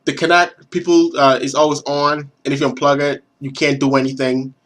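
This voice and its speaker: A young man ranting excitedly to his viewers as a gaming vlogger, animated and swearing, with lots of stumbling restarts. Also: on the high side, a little fast. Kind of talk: excited rant to camera.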